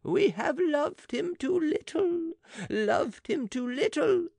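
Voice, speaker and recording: A man's voice: high-pitched, very animated, very slow, creaky, dry recording, voice pushed up, exaggerated voice. A man voicing a weary, self-pitying old male magician in an audiobook, with a quavering, theatrical lament. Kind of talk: audiobook dramatic reading.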